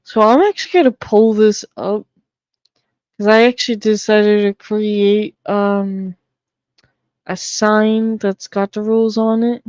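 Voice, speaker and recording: Woman streamer from the boston area, slow easy talk, mellow voice, swears a lot, dull lo-fi audio. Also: medium pitch, fairly even intonation, smooth, dry recording. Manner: blunt, swears freely. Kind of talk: casual live-stream chat.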